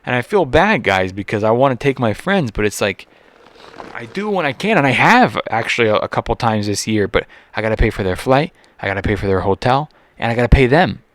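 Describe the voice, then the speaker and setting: A man hosts his own comedy podcast alone, venting about companies with a steady stream of curse words and stumbling restarts. His voice sits at an ordinary middle pitch. The sound is dry and close, with no room echo. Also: brisk. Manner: profane, exasperated ranting with frequent restarts. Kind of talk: solo podcast rant.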